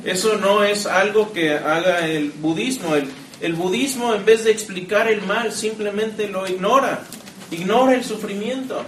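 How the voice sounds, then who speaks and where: A man's voice: high-pitched, moderate pace, reverberant, far from the mic, slight background noise. A man giving assertive, explanatory commentary.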